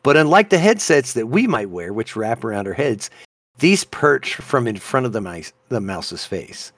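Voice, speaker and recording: Animated, laughing podcast guy. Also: medium pitch, normal speed, dry recording, studio quality. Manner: animated, laughs often, reads news stories aloud. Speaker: podcast co-host. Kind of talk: casual podcast chat.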